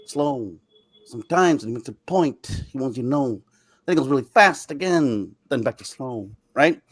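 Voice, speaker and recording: A man hosting a casual podcast chat, explaining at length about doing impressions, his pitch swinging up and down for emphasis. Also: dry recording.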